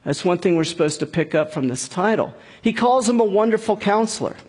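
A man's voice: sits high, lively intonation, fairly quick, darkish tone, husky. A man preaching a conversational sermon as a pastor, explaining scripture with frequent restarts and asides.

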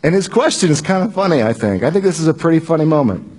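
A fairly high-voiced male preacher talks through a sermon in a husky, slightly breathy voice. He speaks in a casual, joking way and often restarts his sentences as he explains. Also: animated, fast, darkish tone. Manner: conversational and joking, with frequent restarts. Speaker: pastor.

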